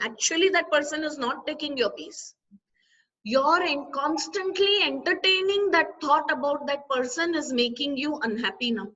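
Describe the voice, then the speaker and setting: Expressive woman teaching a spiritual discourse. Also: high voice. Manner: expressive, poses rhetorical questions to listeners. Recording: distant, slightly dull recording.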